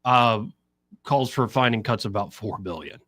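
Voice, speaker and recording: A man's voice: on the low side, normal speed, no room sound. A man hosting talk radio, explaining politics and mimicking what others say. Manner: explanatory, quotes others in an animated voice. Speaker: radio talk show host.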